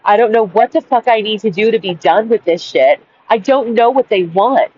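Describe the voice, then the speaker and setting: A woman in her forties venting on a dark sidewalk at night, angry, swearing constantly and repeating herself. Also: mid-range voice, lively intonation, moderate pace, muffled recording, slight background noise. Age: 40s. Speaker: vlogger. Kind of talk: rambling outdoor vent. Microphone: wireless headphones.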